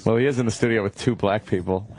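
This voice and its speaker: A man's voice: on the low side, fairly even intonation, fast talker, crowd noise, rough recording. A man co-hosting a talk radio show, reacting with incredulous, teasing remarks. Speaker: radio co-host. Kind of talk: casual talk radio banter.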